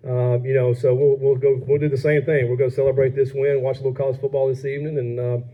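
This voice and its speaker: A man, a head football coach, answering questions at a postgame press conference in an upbeat, halting way. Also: medium pitch, flat delivery, phone-quality sound.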